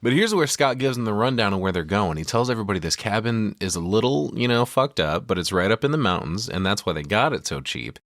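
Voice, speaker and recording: A man's voice: on the low side, fast talker, few pauses, dry recording, clean studio sound. A man hosting a podcast, casually retelling a film's scenes with lots of swearing and quoted lines. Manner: profane, animated retelling with quoted character lines. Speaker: podcast host. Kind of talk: casual movie recap chat.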